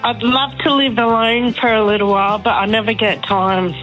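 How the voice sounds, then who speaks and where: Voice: medium pitch, fairly even intonation, normal speed, a bit bright, faint music behind, low-quality recording. Candid upbeat street respondent. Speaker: vox-pop respondent.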